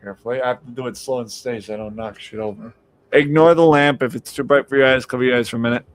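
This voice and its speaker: A man's voice: mid-range voice, racing, low-quality recording. A man hosting a casual late-night podcast from home, telling rambling stories, laughing and cursing freely. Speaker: livestream host.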